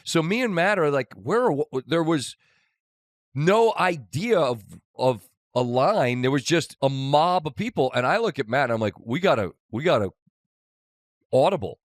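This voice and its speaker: A man hosting a podcast, telling a wry, animated rant about an airport ordeal in casual chat. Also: a little high, normal speed, no room sound, clean studio sound. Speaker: podcast host.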